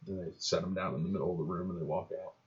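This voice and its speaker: Low-voiced guy game-mastering, rambly, muffled lo-fi audio. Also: steady tone, rapid-fire. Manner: casual, rambling with fillers. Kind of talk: narrating a tabletop game. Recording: dull lo-fi audio.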